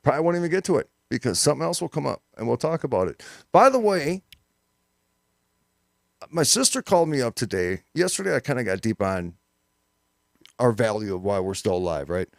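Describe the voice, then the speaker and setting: A man's voice: mid-range voice, sing-song, fairly quick, creaky, long pauses, dry recording, studio quality. A man co-hosting a live talk show, joking around and telling stories theatrically. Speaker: co-host. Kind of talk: casual live show banter.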